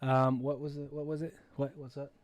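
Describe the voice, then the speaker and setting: A man's voice: medium pitch, little pitch movement, fairly quick. A man hosting a casual livestream, reading viewer comments aloud and answering them in an easygoing way. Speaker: livestream host.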